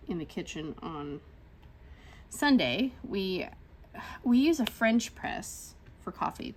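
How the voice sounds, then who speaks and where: Animated rambling woman crafting vlogger. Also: mid-range voice, a little hiss or hum. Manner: rambling, animated storytelling with many fillers. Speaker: crafting channel host. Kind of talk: casual chatty vlog while crafting.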